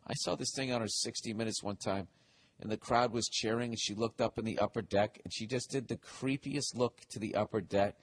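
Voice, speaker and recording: A man's voice: lowish voice, slightly rough. A man in his forties hosting a solo comedic podcast, rambling and profane, often poking fun at himself. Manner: rambling, profane, self-deprecating. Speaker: podcast host.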